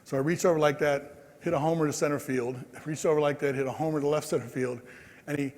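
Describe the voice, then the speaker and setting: A man's voice: on the high side, fast talker. Man in his 60s telling stories, echoing hall. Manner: animated, acts out quoted people. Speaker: keynote speaker. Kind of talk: storytelling speech. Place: large convention hall. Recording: long hall reverb.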